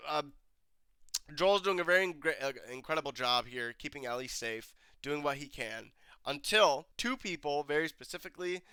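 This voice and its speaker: A man's voice: on the high side, bright, forceful tone, clean tone, no echo. A man casually reviewing a TV episode, rambling with fillers and restarts, a bit stuffy-nosed from a cold. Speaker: TV review host. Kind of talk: casual commentary.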